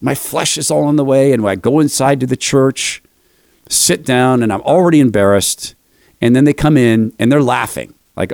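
A man's voice: mid-range voice, normal speed, vocal fry, a little mellow, no room sound, clean studio sound. An older man hosting a commentary show, telling a self-deprecating story between clips.

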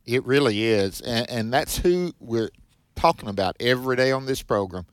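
Male radio preacher, mid-pitched, emphatic scripture teaching, dry close mic. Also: expressive, no echo. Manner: warm-hearted, emphatic, reads scripture then comments quickly. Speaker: radio Bible teacher host.

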